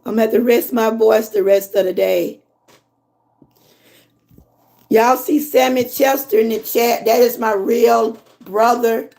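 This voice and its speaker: A hoarse woman from Georgia with a Southern accent, chatting casually with her livestream viewers and reading their comments. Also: fairly high pitch, steady tone, darkish tone. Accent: Southern American. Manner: chatty, drawn-out, talks to viewers as y'all. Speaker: livestream host.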